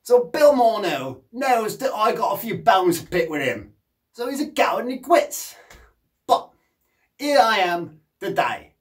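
A man's voice: sits high, sing-song, unhurried. A man playing a brash, boozy, scatterbrained male punk rocker, rambling cheekily in a comic monologue. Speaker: punk singer and guitarist. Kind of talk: comedic monologue in character.

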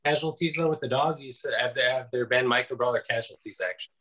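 A man co-hosting a casual video podcast, speaking in a hesitant, halting way. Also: mid-range voice, a crowd in the background. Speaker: podcast co-host.

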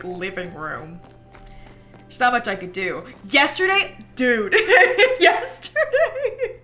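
A young woman chats away while she streams a game, rambling with plenty of "like" and laughing easily as she tells stories. Her voice sits a little high and sounds bright and forward. Her pitch swings widely from word to word. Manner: chatty and rambling, heavy use of "like"; animated storyteller who breaks into laughter. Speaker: livestreamer. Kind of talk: casual chat while gaming.

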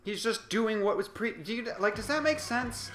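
A man riffing as a let's play commentator, his talk meandering and sarcastic before climbing into heated, impassioned argument. His voice rings around a roomy space. Game music plays clearly behind him. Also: high voice, normal speed. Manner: sarcastic, rambling, rising to impassioned. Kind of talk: casual game commentary rant.

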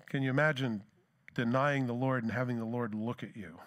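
A man's voice: medium pitch, fairly quick, a bit bright. A middle-aged man preaching a sermon as pastor, in a conversational way, with rhetorical questions and plain asides.

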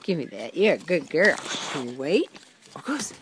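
A woman's voice: low-pitched, sing-song, normal speed. A woman filming her dogs at home, coaxing them in sing-song pet talk and laughing often. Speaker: dog owner filming her pets. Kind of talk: casual home video. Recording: noisy home video with dogs. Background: dogs playing and huffing.

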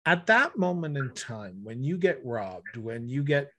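A man hosting a podcast, asking earnest, halting interview questions. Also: mid-range voice, big pitch swings, bright, forceful tone, a little hiss or hum. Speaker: podcast host.

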